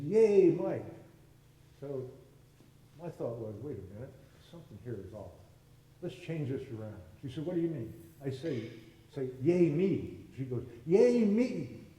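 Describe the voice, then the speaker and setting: A man's voice: medium pitch, warm tone. A man teaching with stories, giving a spiritual talk to a gathering and acting out the voices of the people in his stories. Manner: storytelling, acts out quoted voices, folksy. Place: hall with a live audience. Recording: echoey room, voice from far off.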